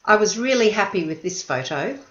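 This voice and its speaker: A woman teaching an English lesson, speaking slowly and clearly and patiently stressing syllables. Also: medium pitch, animated, echoey room, lo-fi sound.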